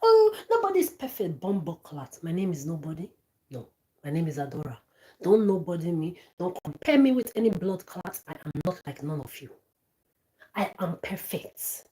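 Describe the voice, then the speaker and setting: A woman's voice: fairly low pitch, animated, moderate pace, warm tone, low-quality recording. A woman from Nigeria, delivering an angry, profane, repetitive monologue to camera. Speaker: social media ranter.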